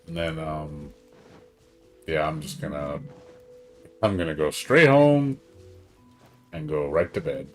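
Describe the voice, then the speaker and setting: A man chatting casually on a live game stream, rambling and excitable, swearing often and tired from staying up all night. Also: extremely low pitch, takes it slowly, long pauses, soft background music.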